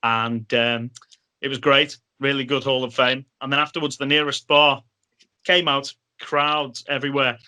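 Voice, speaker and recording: Bright-voiced man telling stories. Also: medium pitch, moderate pace, clear, resonant tone. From Liverpool, England. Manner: animated storyteller, acts out other people's lines. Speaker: podcast guest. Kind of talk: casual anecdote telling.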